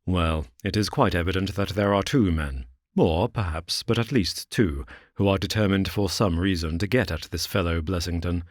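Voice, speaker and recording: A man voicing a cool, incisive detective who speaks crisply and briskly. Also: low voice, no room sound, studio quality. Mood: assured.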